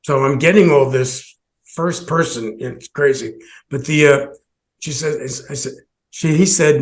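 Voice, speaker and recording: A man hosting a podcast speaks unhurriedly in a medium-pitched voice as he recounts something from his own life. He keeps restarting and rambling, laughing briefly between phrases.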